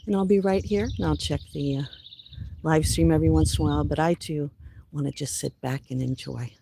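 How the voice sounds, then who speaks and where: A woman's voice: deep voice, fairly even intonation, fairly quick, vocal fry, background noise. A woman hosting a casual livestream from outdoors in her backyard, chatting unhurriedly in her groggy morning voice and greeting viewers by name. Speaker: livestream host.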